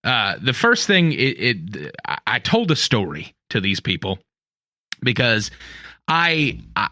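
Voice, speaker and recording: A man co-hosts a casual chat and works through his thoughts haltingly, repeating words as he goes. His voice is bright and forward, and the recording is dry and close. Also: medium pitch, no room sound. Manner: hesitant, restarts often, wry. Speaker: podcast co-host.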